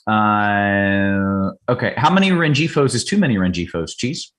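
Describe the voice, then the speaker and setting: Animated joking male host. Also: lowish voice. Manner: animated, joking, asks quick questions. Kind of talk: casual podcast chat.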